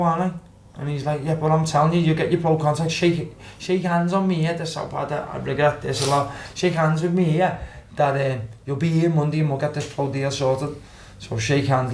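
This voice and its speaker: Young scouse guy rambling through old footy stories, swearing, a bit high, echoey room, faint hum. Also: a little mellow. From Liverpool, England. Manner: swears freely, acts out quotes. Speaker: podcast guest, former footballer. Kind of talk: casual storytelling. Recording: roomy with faint background ambience.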